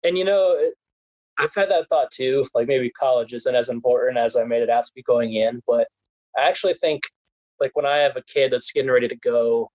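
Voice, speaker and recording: A young adult man being interviewed as a guest in a casual chat, animated and laughing often as he restarts his sentences. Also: mid-range voice, brisk, dry recording, low-quality recording. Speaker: guest, team PR specialist.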